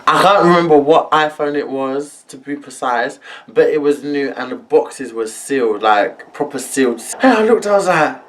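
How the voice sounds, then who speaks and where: A young man telling a story in an animated, laughing way, full of slang. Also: a little high, normal speed, hardly any pauses. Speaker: vlogger. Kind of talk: storytime vlog.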